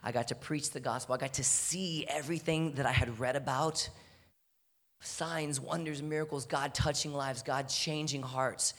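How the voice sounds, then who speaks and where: A young man from Houston, preaching earnestly, sometimes dropping to a hushed voice. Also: medium pitch, moderate pace. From Houston, Texas. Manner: earnest, animated preaching with soft, hushed moments. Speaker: speaker. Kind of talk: sermon. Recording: long hall reverb.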